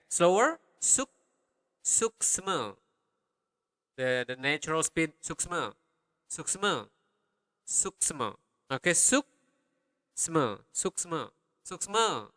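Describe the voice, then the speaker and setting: Balinese man as a patient language teacher, slightly high voice, forceful tone, long reverb on the track. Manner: patient, repeats words slowly for learners. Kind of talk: spoken language lesson.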